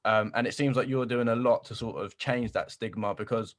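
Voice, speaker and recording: A man's voice: medium pitch, steady tone, fairly quick. Easygoing man hosting a podcast. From United Kingdom. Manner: easygoing, laughing, loose asides. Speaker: podcast host. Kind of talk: casual podcast interview.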